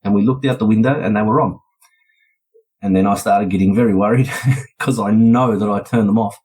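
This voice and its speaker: An Australian man with a low, husky voice tells his story in a relaxed, chatty manner. He speaks casually, as a podcast guest sharing events with the listener. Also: brisk, rough recording. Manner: chatty, laid-back, slips into voices when quoting.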